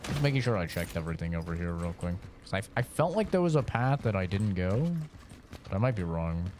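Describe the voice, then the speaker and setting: A man's voice: low-pitched, big pitch swings, fairly quick, darkish tone, slight background noise. A man streaming a game, chatting in a rambling, casual way full of fillers. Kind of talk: live-stream gaming commentary.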